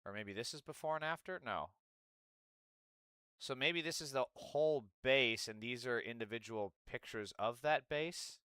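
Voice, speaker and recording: A man's voice: medium pitch, moderate pace, pushed and bright, smooth, no room sound, clean studio sound. A man hosting a political commentary livestream, talking in a profane, sarcastic and rambling way. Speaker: livestream host.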